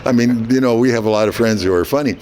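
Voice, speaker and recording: A man in his eighties, a veteran hockey broadcaster, telling a lively story in an interview. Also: medium pitch, fast, slight background noise. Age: 80s. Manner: animated anecdote teller, quoting others.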